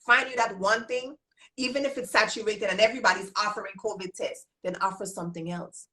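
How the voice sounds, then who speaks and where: A woman's voice: mid-range voice, a little fast, bright, forceful tone, low-quality recording. A woman business trainer hosting a live coaching talk with a Virgin Islands accent, repeating her points emphatically and calling her listeners y'all. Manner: emphatic and repetitive, drilling points home; folksy, addresses listeners as y'all.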